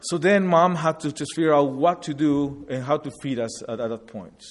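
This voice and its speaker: A man's voice: on the high side, steady tone, moderate pace. Man telling his story in a hall. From Guatemala. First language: Spanish. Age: 40s. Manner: reflective, earnest storytelling. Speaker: speaker sharing his migration story. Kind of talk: personal testimony with slides. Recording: long hall reverb.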